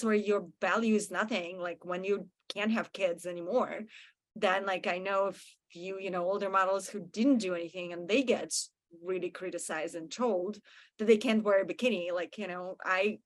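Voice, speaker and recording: A woman, an actress guest venting with animated indignation in a casual panel chat. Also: mid-range voice, normal speed. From France. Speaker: talk show guest, actress.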